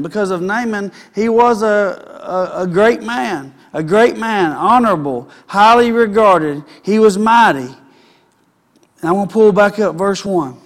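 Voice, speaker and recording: A man preaching a sermon, reading a Bible passage and then retelling it in plain, casual modern words, rising to emphatic points. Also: high voice. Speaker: pastor.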